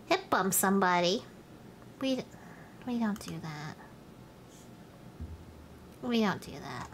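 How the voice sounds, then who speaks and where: A woman's voice: mid-range voice, animated, takes it slowly, a little hiss or hum. A woman live-streaming a life-sim game, chatting to viewers and scolding the game characters, with playful swearing. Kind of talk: live gameplay commentary.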